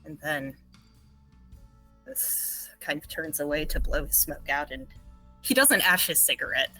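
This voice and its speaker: Bright, low-voiced woman describing a scene. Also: expressive, measured pace, faint music behind, low-quality recording. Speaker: player. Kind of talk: tabletop role-play narration.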